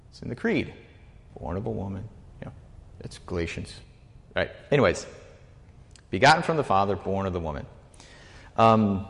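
Man, low-ish voice, casual Bible-class teacher; rambles and self-corrects; hall reverb. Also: a bit bright. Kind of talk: informal teaching talk to a group.

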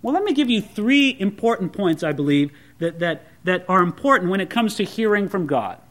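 A man's voice: high-pitched, brisk. A male pastor preaching a sermon, telling Bible stories and acting out the people in them. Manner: animated storytelling preacher, acts out voices.

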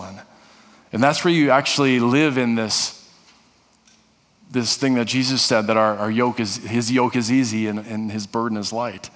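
A man's voice: mid-range voice, fairly bright tone. A male pastor preaching a sermon in an earnest way, often restarting and repeating phrases. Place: church sanctuary. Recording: long reverb of a large hall.

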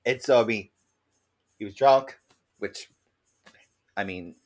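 A man co-hosting a podcast, telling animated stories in casual chat and swearing freely. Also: lowish voice, slow pace. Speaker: podcast co-host.

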